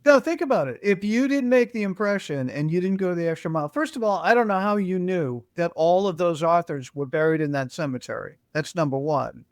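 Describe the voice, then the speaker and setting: High-voiced enthusiastic podcast host. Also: male voice, lively intonation, a little fast, few pauses, dry recording, studio quality. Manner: enthusiastic, sums up the guest's points. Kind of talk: casual interview.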